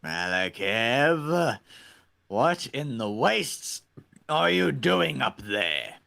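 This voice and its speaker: A man's voice: mid-range voice, sing-song, extremely slow, creaky, bright, forceful tone, heavily acted. A man voicing a haughty male zealot warrior in a commanding, indignant tone. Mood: imperious.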